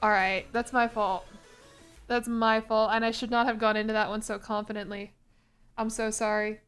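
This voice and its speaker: A woman's voice: fairly high pitch, flat delivery, moderate pace, fairly bright tone, smooth, faint music behind. A young woman streaming a game, talking casually and laughing at her own mistakes, often apologizing. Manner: self-deprecating, laughing, apologetic. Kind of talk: casual live-stream commentary.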